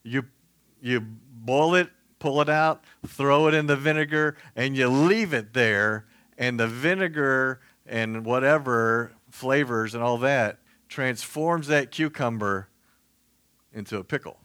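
A man preaching in a relaxed, conversational way, with a lilt and a medium-pitched voice. He jokes, stacks up fillers and wanders into asides. The sound is dry and close, with little room echo. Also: takes it slowly, clean tone. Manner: chatty, joking, many fillers and asides. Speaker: pastor. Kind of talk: casual sermon.

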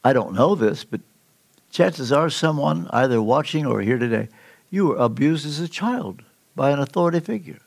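Older guy preaching in church, gravelly voice, lots of ups and downs, drawn-out emphasis. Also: a little high, animated. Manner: earnest storytelling preacher, slow emphatic pauses. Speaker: pastor. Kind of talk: sermon. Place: church sanctuary.

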